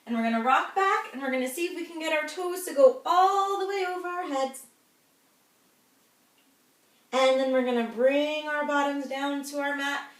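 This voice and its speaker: A woman's voice: high voice, normal speed. A woman guiding a children's yoga class, cheerful and encouraging as she talks the kids through each pose. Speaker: kids' yoga instructor. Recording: echoey room, voice from a distance.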